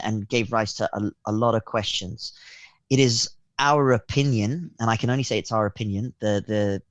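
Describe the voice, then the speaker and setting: A man's voice: lowish voice, dry recording. A man explains business schemes on a radio interview, stumbling through fillers and false starts. He sounds close and dry on a studio microphone. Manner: halting, many fillers and restarts. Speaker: accountant guest.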